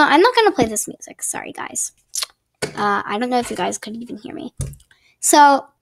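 A woman with a high, slightly bright voice gives casual gameplay tutorial commentary for her gaming channel, rambling, chatty and full of apologetic asides. There's slight background noise, as she records on a built-in laptop mic at a home desk with a ring light.

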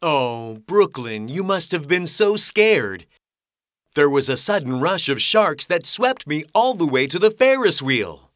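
A man's voice: on the high side, sing-song, measured pace, a bit bright, no room sound, studio quality. A man voicing a caring, reassuring father shark in a cartoon.

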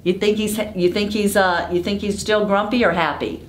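A woman's voice: medium pitch, steady tone, normal speed, roomy sound, a little hiss or hum. A woman reading a picture book aloud to children, asking them questions as she goes. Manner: interactive, asks children questions. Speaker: storytime reader.

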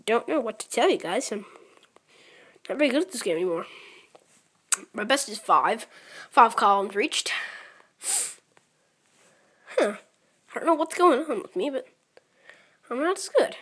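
Young woman slowly narrating gameplay. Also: a little high, lively intonation, fairly bright tone, breathy edge. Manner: counting moves aloud, mildly frustrated. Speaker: gaming channel creator. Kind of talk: casual gameplay commentary.

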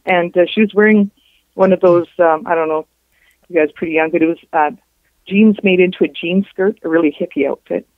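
A woman, a guest on a show, recounting a personal story in a halting way, with restarts and reported dialogue. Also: lowish voice, no echo. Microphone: telephone. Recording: tinny phone line.

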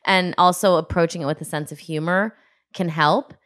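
A woman with a somewhat low voice talks through relationship advice in a gentle, easygoing way, laughing easily as she goes. Her delivery is relaxed and conversational. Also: moderate pace. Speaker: podcast co-host. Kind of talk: casual advice chat.

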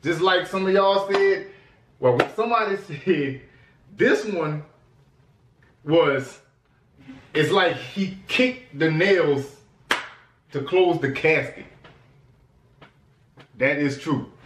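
A man hosting a casual reaction vlog, excitedly hyping things up with lots of repetition and laughter. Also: a little high, slow, pauses often, slight background noise. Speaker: host reacting to music. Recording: echoey room, distant mic.

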